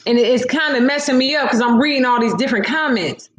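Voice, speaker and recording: A sassy woman hosts a casual livestream, reading comments and talking straight to her viewers. Her voice sits a little high. The sound carries a noticeable room echo. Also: fast talker.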